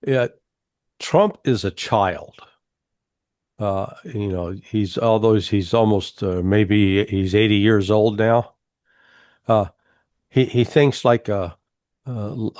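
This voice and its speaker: A man giving his views in a political interview, emphatic and often restarting, slowing down to stress his points. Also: on the low side, a little mellow, no room sound, clean studio sound. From United States. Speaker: guest commentator.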